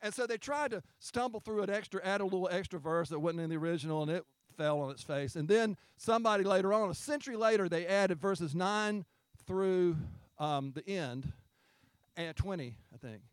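A man's voice: sits high, normal speed, clean tone. A man preaching a conversational Easter sermon as a pastor, retelling scripture in a folksy, chatty way.

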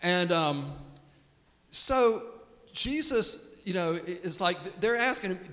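A man's voice: high voice, big pitch swings, measured pace, a bit bright. A man preaching a casual, humorous sermon, acting out the voices of the people he quotes. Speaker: pastor. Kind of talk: conversational sermon. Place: church sanctuary. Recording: long reverb of a sanctuary.

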